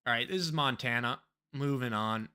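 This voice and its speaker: A young man streaming himself playing a geography guessing game, excitable and swearing freely, with loud outbursts. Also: mid-range voice, normal speed, smooth. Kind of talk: live-stream reaction commentary.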